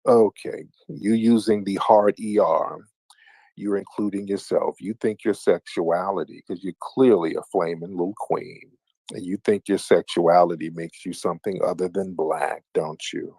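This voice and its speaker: A man's voice: sits low, steady tone, normal speed, creaky, warm tone, slightly rough, no room sound. A man hosting a late-night livestream call-in show, teasing and taunting his callers in a mocking sing-song way. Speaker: livestream host. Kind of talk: casual call-in banter.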